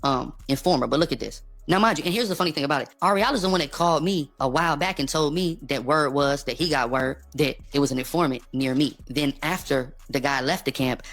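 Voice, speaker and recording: A man's voice: medium pitch, gravelly, a bit bright. A man giving an emphatic, repetitive unscripted monologue in his own defense, asking rhetorical questions and reading scripture. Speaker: preacher defending himself.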